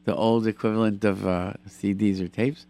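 A man hosting a call-in radio show, chatting with callers and telling animated stories with lots of repetition. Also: fairly low pitch, moderate pace. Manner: animated storyteller, repeats himself for emphasis. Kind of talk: call-in radio chat and storytelling.

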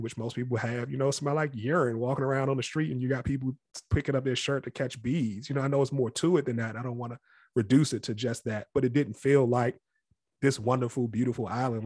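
A man's voice: mid-range voice, a little mellow, no room sound, clean studio sound. A man who grew up near Washington, D.C., speaking as an interview guest and telling his story in a candid, reflective way. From Capitol Heights area near Washington, D.C. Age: adult past college age. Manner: reflective and candid, often acts out other people's voices.

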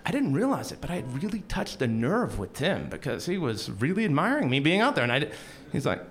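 A man telling a personal story to a live audience with animated, self-deprecating comic timing. His voice is bright and slightly high, and it moves a lot in pitch. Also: brisk, hardly any pauses, slight background noise. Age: young adult.

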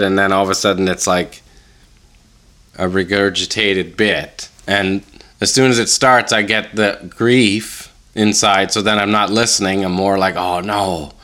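A man's voice: fairly low pitch, bright, forceful tone. A man co-hosting a podcast, chatting casually and groaning in exasperation. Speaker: podcast co-host. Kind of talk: casual chat.

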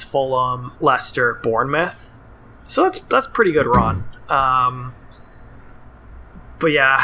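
Gravelly bright-voiced man. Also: medium pitch, slight background noise. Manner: relaxed, laughs easily, thinks aloud. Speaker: podcast co-host. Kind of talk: casual chat about fantasy football.

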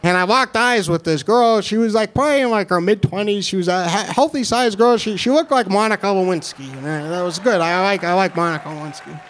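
A young man with a New York accent telling a funny personal story, animated and self-deprecating, with halting restarts. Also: high voice, slight background noise. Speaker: storyteller and comedian. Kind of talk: comedic personal story told to an audience.

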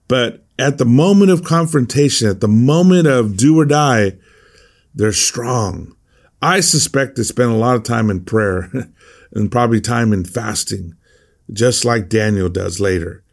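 A man's voice: medium pitch, vocal fry. Middle-aged man, pastor, informal devotional teaching, chatty with frequent word repeats. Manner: conversational, repeats words while thinking.

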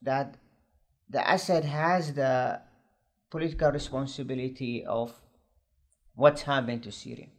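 A male political commentator in a news discussion, earnest and halting as he searches for words. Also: mid-range voice, fairly even intonation.

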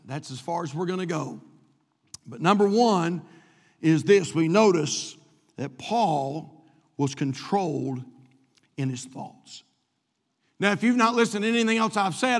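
A man's voice: sits high, fairly bright tone. A man preaching a sermon as pastor, stretching out key words for emphasis. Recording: long reverb of a large hall.

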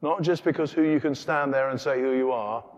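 A man's voice: medium pitch, brisk, highs cut off, natural voice. Stern, emphatic rebuker, as a male preacher puts him on, in a reverberant church. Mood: challenging. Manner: challenging, rhetorical, emphatic. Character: Jesus rebuking the Pharisees, stern teacher. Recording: long reverb of a large church.

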